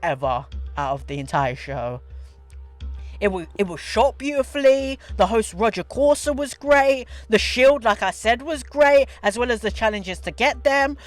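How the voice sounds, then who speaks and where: A man's voice: high-pitched, no room sound. A young man giving casual, rambling, sarcastic opinion commentary, often repeating his words. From Australia. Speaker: video essayist.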